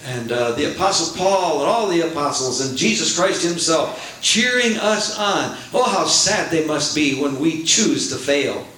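A man preaching a sermon in a folksy, animated way, swelling into excited outbursts, heard from a distance in an echoey church. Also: a little high, normal speed, few pauses, a little hiss or hum. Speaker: pastor. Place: church sanctuary.

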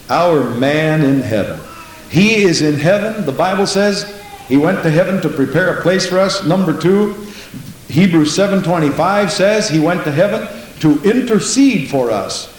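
Here a man preaches an emphatic, story-driven sermon with big pitch swings, repeatedly saying "Praise the Lord." The recording was made in a very echoey room and carries a faint hiss.

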